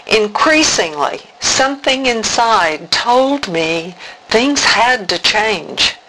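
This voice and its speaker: Slow, deliberate woman reading reflectively. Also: medium pitch, fairly bright tone, slight background noise, rough recording. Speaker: speaker. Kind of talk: reflective spoken-word reading.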